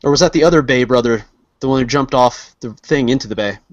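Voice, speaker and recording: A man's voice: medium pitch, fast talker. A man co-hosting a casual podcast, joking and teasing his friends, rambling with lots of fillers. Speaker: podcast co-host. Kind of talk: casual banter among friends. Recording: dull lo-fi sound, dry.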